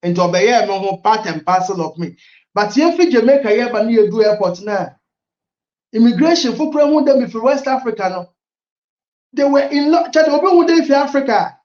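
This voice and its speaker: A middle-aged Ghanaian man with a Ghanaian accent and a very high voice talks a little fast as a guest in a casual interview. The recording is reverberant and lo-fi, and he tells stories animatedly, mixing languages and laughing often.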